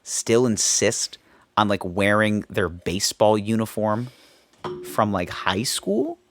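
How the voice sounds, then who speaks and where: A man's voice: on the low side, expressive, slow pace, no echo. A man co-hosting a podcast, talking casually and animatedly, often jumping in and swearing now and then. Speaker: podcast co-host. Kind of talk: casual chat.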